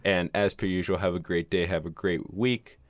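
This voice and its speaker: Deep-voiced man wrapping up a podcast. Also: steady tone, normal speed, no echo. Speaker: podcast co-host. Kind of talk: podcast sign-off.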